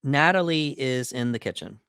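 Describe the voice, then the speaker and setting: A man co-hosting a podcast, casually recapping film scenes and acting out characters' lines with quick put-on voices. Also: mid-range voice, animated, gravelly, fairly bright tone, clear, resonant tone, no room sound, studio quality. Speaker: podcast co-host. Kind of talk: casual movie breakdown chat.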